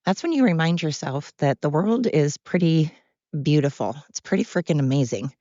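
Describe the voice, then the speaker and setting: A woman's voice: sits low, lively intonation, normal speed, mellow, dry recording, highs cut off. A woman hosting her own podcast, chatting casually and self-deprecatingly, drifting from one thought to the next. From Oregon, USA. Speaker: podcast host. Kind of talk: casual rambling monologue. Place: home with dogs.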